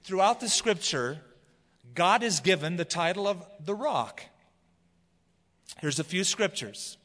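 A man's voice: high-pitched, slow pace. Bible-teaching male pastor in a reverberant hall. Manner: expressive Bible teaching, reading scripture aloud. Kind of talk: sermon.

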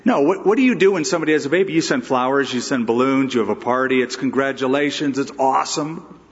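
A man's voice: mid-range voice, fast talker, in a large hall, dull audio. A pastor giving an emphatic, conversational expository sermon, asking his listeners rhetorical questions.

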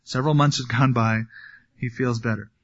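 A man's voice: mid-range voice, fairly even intonation, moderate pace, lo-fi sound. A man preaching a sermon, reading scripture and adding wry, conversational asides. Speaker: pastor.

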